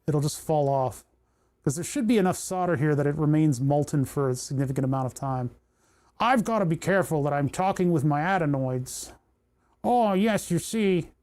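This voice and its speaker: A man's voice: on the high side, expressive, a little fast, darkish tone. A man chatting casually on a livestream while he solders, thinking aloud and talking to the parts in his hands. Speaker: electronics livestreamer.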